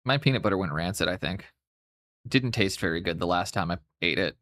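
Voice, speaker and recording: A man's voice: low-pitched, expressive, a little fast, a bit bright, no echo, studio quality. A young man from Canada's West Coast with a mild Western Canadian accent, chatting casually on a live stream while he paints miniatures, in a laid-back, mumbling way with casual swearing.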